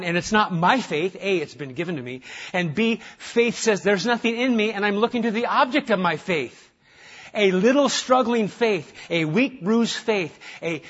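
A man preaching a sermon as pastor, passionately stressing points and then dropping to a hushed tone for prayer. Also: sits high, lo-fi sound. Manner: impassioned, swinging from loud emphasis to hushed, intimate prayer. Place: church.

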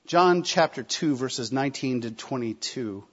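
A man preaching a sermon, emphatic, with rhetorical questions and shifting loudness. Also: medium pitch, animated, a little slow, husky. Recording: slightly dull lo-fi recording.

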